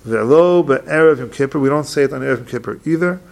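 A man teaching a halacha class, reading each Hebrew passage slowly and then explaining it in quick plain English. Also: mid-range voice, vocal fry, darkish tone. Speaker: Torah teacher.

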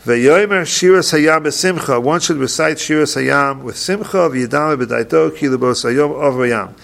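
A man teaching a halacha class, reading each Hebrew passage slowly and then explaining it in quick plain English. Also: fairly high pitch, creaky, fairly bright tone. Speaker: Torah teacher.

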